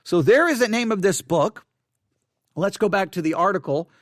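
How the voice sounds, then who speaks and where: A man reading from an article and commenting on it in an earnest way, often halting and restarting his sentences. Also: high voice, lively intonation, no room sound, studio quality. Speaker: Christian commentator.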